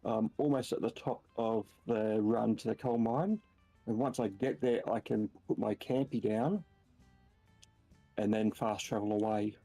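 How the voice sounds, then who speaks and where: A man's voice: on the low side, steady tone, measured pace, vocal fry, mellow, soft background music, poor audio. An Australian man chatting and patiently explaining things over voice chat while playing a driving game. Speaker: game streamer. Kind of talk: casual multiplayer game chat.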